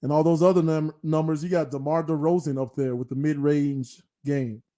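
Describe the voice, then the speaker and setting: A podcast co-host on a casual sports talk show speaks at normal speed in a fairly high, dark voice with fairly even intonation. In heated, casual debate, he scolds and rants in mock anger, swapping curses for a made-up word.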